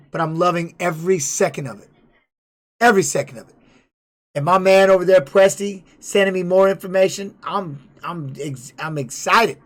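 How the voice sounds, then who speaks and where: A middle-aged man, a former fighter, swearing freely as he tells a rambling story on his live stream. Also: fairly high pitch. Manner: profane, animated retelling.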